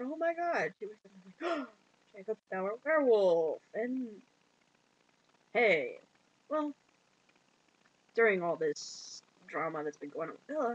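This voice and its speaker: A woman retelling a film plot in casual chat, giggling and slipping into quick put-on voices for the characters. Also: medium pitch, highs cut off. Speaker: movie reviewer.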